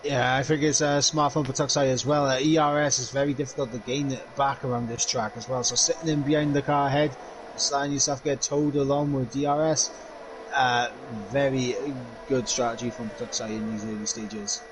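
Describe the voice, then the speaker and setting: A man giving measured, analytical co-commentary on an online racing league. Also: medium pitch, flat delivery, a little hiss or hum, low-quality recording.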